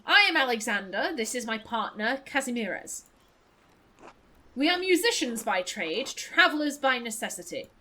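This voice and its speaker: A woman's voice: a little high, sing-song, drawn-out words, pauses often, pushed and bright, slight background noise, full character voice, poor audio. A woman voicing a courteous male traveling musician in a posh, formal way, for a narrative video game.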